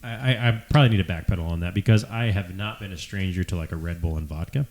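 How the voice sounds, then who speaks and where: A man's voice: deep voice, fast talker, darkish tone. A man co-hosting a casual chat over drinks, talkative and often hedging with "I don't know.". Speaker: podcast co-host.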